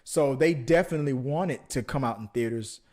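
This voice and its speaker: A man's voice: mid-range voice, fairly quick, darkish tone. A man co-hosting a movie podcast, chatting casually with many restarts and jokes. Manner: rambling, many restarts, jokey. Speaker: podcast co-host. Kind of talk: casual chat.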